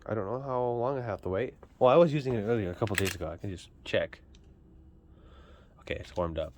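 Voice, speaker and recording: A man's voice: lowish voice, quick pace, darkish tone, a little hiss or hum. Chatty man vlogging in his garage. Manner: rambling, self-deprecating, chatty. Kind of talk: casual chat. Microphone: handheld phone camera.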